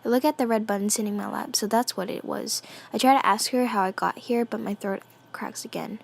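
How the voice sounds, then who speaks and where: A woman reading a fan story aloud, quietly and half-whispered, giggling and breaking off to comment. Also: fairly high pitch, a little fast, vocal fry. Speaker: fan fiction reader.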